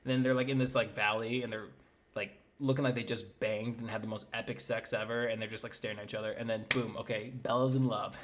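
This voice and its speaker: A man's voice: fairly low pitch, little pitch movement, fast, slight background noise. A young man giving a sarcastic comedic movie recap in a casual, rambling way, full of fillers and mocking impressions of the characters. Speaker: comedy commentator.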